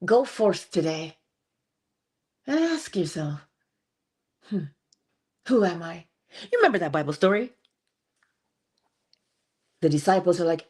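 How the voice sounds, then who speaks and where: A middle-aged woman hosts a morning spiritual livestream from home, talking in an animated, preacher-like way. Her pitch swoops up and down with lots of expression, and she breaks into asides as she goes. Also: unhurried, pauses often, breathy edge. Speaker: host of a morning inspiration livestream. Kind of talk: spiritual talk and livestream greetings.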